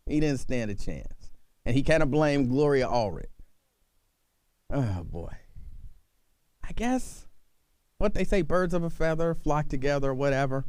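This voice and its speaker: A man's voice: fairly high pitch, expressive, unhurried, long pauses, darkish tone, smooth, no room sound. A man hosting a call-in talk radio show, chatting loosely and repeatedly breaking into laughter at a studio microphone.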